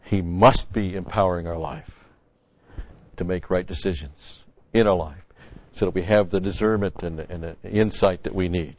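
A man's voice: low-pitched, moderate pace, darkish tone. Folksy male preacher, dull dry sound. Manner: conversational, folksy asides, repeats key phrases. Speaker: pastor. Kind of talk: sermon teaching.

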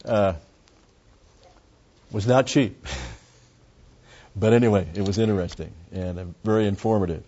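An older man leading an informal Bible study in a rambling, folksy way, slowing down and raising his voice to read verses aloud. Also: lowish voice, mellow, highs cut off. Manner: rambling, folksy, with many digressions and "uh" fillers.

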